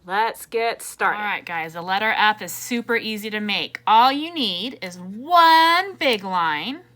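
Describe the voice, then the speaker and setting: Woman teacher, slow gentle delivery, bright voice, encouraging, reads aloud to young children. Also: mid-range voice, lively intonation. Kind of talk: reading a picture book and teaching letters to children.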